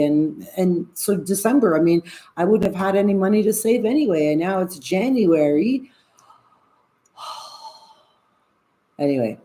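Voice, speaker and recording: A woman's voice: lowish voice, warm tone. A woman in her sixties chatting casually to her livestream viewers, rambling and candid, with restarts and the odd frank swear word. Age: 60s. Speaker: vlogger.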